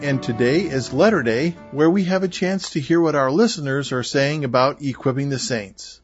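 A male radio announcer reading scripted introductions in a smooth, even delivery, on a dull lo-fi recording. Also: mid-range voice, moderate pace. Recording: dull lo-fi radio with music bed. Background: music.

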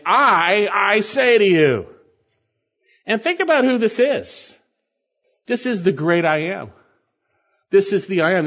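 Animated high-voiced male preacher. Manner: animated, emphatic, repeats key phrases for stress. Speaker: pastor. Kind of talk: expository sermon. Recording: dull lo-fi sermon recording.

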